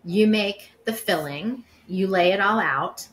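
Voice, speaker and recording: A woman's voice: mid-range voice, measured pace, fairly bright tone. A middle-aged woman hosting a podcast, talking in an enthusiastic, chatty way with plenty of fillers. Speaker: podcast host. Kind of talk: casual chat.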